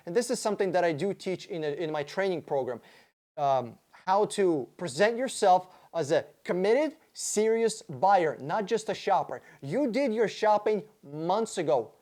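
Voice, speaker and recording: A man with a high voice and moderate pace hosts a casual livestream Q&A. He reads viewer questions aloud and answers them in a profane, excitable, rambling way.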